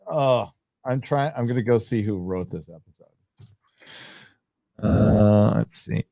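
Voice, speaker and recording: A man's voice: fairly low pitch, takes it slowly, vocal fry, warm tone, dry recording. A man co-hosting a live pop culture show, making dry, sardonic asides while he has the hiccups. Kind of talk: casual live-stream chat.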